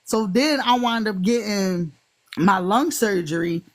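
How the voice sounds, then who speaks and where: A woman's voice: a little slow, slight background noise. A woman with a Philadelphia accent, animatedly telling a funny dating story in casual chat and acting out the quotes. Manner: animated, acts out quotes in higher voices.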